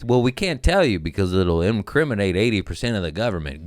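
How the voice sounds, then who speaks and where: A man's voice: fairly low pitch, sing-song, brisk, gravelly, hardly any pauses, dry recording, clean studio sound. A man hosting a comedy podcast, telling profane stories in a rambling, joking way and slipping into silly voices. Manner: profane, jokey, bursts into silly put-on voices. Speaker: comedian host.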